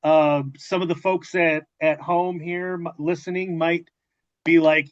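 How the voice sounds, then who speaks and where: A man hosting a casual interview, asking questions in a halting way with frequent fillers. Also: on the high side, little pitch movement, highs cut off. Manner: halting, many fillers and restarts. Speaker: podcast host.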